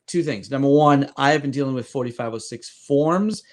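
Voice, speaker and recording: A middle-aged man with a light Irish tinge in his speech, chatting casually at home as a podcast co-host. His voice rises and falls a great deal as he jokes and drifts off topic. He sits a little above other men in pitch. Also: normal speed, hardly any pauses. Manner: joking, rambling, animated. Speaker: podcast co-host, loan adviser. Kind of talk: casual chat and advice.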